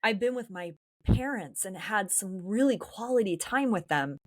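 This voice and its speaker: Speaking at a normal pace, a woman with a medium-pitched, animated, slightly mellow voice hosts a podcast. She's from San Diego, California, and her personal monologue about her feelings is candid, introspective, and emotionally open.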